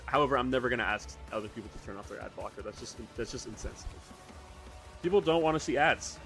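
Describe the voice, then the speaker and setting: A man's voice: fairly low pitch, fairly bright tone. A man streaming casually from his hobby room, rambling, swearing now and then and reading out chat messages.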